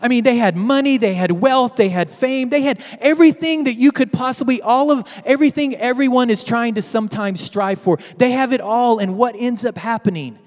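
A man preaching a sermon to his church, dramatic and swinging from loud to hushed. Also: very high voice, fairly quick, few pauses, long reverb tail. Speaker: pastor.

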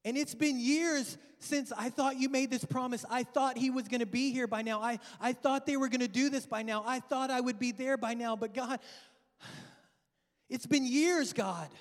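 A male pastor preaching an emotional sermon, pleading and swinging between loud cries and hushed whispers. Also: very high voice, fairly even intonation, moderate pace. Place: large church hall. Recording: long church-hall reverb with faint music. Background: soft worship music.

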